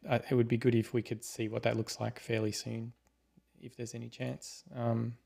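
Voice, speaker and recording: A man hosting a casual interview, speaking in a relaxed, hedging way and reading out viewers' questions. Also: mid-range voice, creaky. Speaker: interview host. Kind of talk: casual video-call interview.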